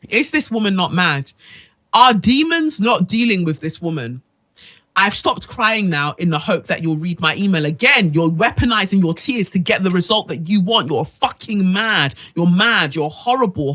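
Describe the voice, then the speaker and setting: A woman's voice: mid-range voice, a bit bright. A woman hosting a podcast, reading out listener emails and ranting bluntly with plenty of swearing. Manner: blunt, profane, emphatic ranting. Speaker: podcast host.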